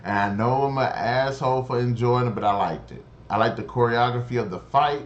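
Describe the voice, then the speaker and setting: A man's voice: medium pitch, brisk, muffled recording. A man giving a casual spoken review of a TV episode, rambling, swearing freely and sounding exasperated. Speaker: show reviewer.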